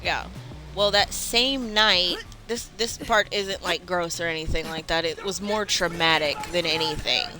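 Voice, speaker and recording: A woman's voice: fairly low pitch, unhurried, poor audio. A woman gaming streamer telling a story casually while she plays, with lots of fillers, breaking off now and then to react to the game. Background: game music.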